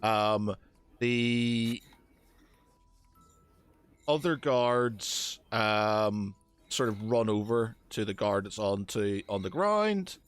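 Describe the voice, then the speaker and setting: A man's voice: lowish voice, expressive, very slow, long pauses, smooth, no room sound, soft background music. A man narrating a tabletop game as game master, hesitant with many fillers and restarts.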